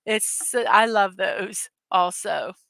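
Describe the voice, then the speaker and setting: A woman's voice: medium pitch, very slow, vocal fry, bright, forceful tone, no echo. A woman hosting a casual morning livestream, chatting loosely, giggling often and reading viewer comments aloud. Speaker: livestream host. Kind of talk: casual live-stream chat.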